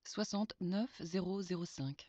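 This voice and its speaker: A woman plays a young woman who answers simple questions politely. Her voice sits a little low. The recording is dry and dull, with a lo-fi sound. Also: moderate pace, mellow, no room sound, close to an everyday voice. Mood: answering. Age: young adult.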